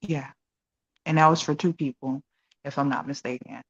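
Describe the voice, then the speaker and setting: A woman with a very low voice, co-hosting a casual chat in a calm, steady, supportive way. Her audio sounds dull and lo-fi. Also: moderate pace, slightly rough.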